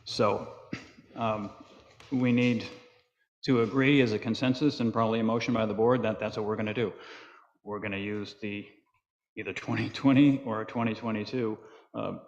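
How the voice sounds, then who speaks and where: Board chair, man, mid pitch, halting procedural delivery, echoey dull meeting-room recording. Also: steady tone. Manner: procedural, thinks aloud with fillers. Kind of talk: public meeting discussion. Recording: echoey hall, dull lo-fi sound.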